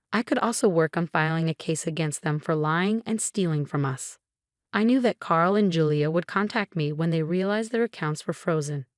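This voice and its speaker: A woman narrating a first-person story in a steady, matter-of-fact way. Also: fairly low pitch, dry recording, studio quality.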